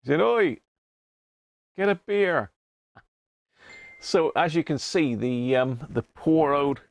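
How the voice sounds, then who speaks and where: A man hosting a casual live stream about restoring an old radio, chatty and greeting viewers by name as he works. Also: medium pitch.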